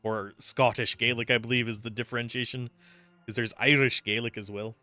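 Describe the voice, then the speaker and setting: A man's voice: mid-range voice, steady tone, a little fast, sharp tone, no room sound. A man giving casual, wry commentary while playing a game. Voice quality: chatty, wry, self-amused. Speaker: game streamer.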